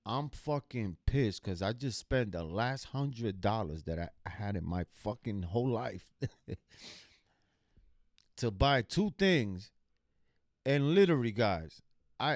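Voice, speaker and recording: A man's voice: fairly low pitch, lively intonation, a little slow, no echo, clean studio sound. A man streaming a reaction video, telling a personal story casually in a blunt, profane, emphatic way.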